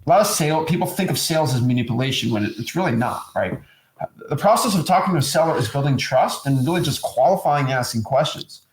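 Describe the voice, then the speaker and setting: A man hosting a casual talk about real estate, animated and acting out sales pitches in mock voices. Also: fast talker, slight background noise. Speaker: host. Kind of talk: casual chat. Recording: roomy echo.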